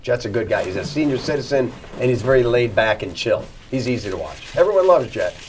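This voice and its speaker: A man's voice: mid-range voice, very animated, fairly quick, slight background noise. A middle-aged man co-hosting a casual morning TV chat, joking and teasing the others and laughing often. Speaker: co-host.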